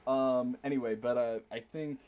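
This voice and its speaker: A man hosting a casual comedy podcast, reading forum posts with halting restarts. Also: mid-range voice, fairly even intonation, darkish tone. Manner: halting, many fillers and restarts, laughs often. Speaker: podcast host.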